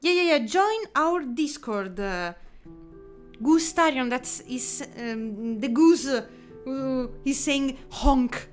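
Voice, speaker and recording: A woman's voice: high-pitched, slow, soft background music. A woman with an Italian accent chatting casually with her audience while drawing live, giggly and full of fillers and restarts. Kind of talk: casual live-stream chat.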